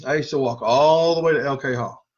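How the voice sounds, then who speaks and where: Rich: A man with a voice of middle pitch talks on and on with earnest conviction, dropping casual curse words along the way. The sound is a bit dull and lo-fi, as if recorded in a home studio. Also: fairly quick. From Texas. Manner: earnest, rambling, swears casually. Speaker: cannabis channel host. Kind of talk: casual chat.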